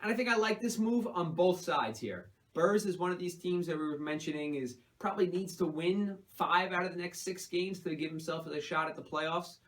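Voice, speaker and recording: Man, host, high voice, casual sports recap, upbeat, chatty banter. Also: moderate pace, few pauses, rough recording.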